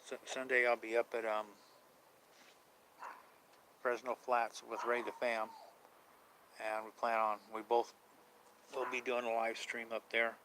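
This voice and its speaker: A man's voice: mid-range voice, flat delivery, measured pace, pauses often, sharp tone, slight background noise, rough recording. A man chatting casually on a live stream about paranormal outings, rambling, unsure and trailing off mid-thought.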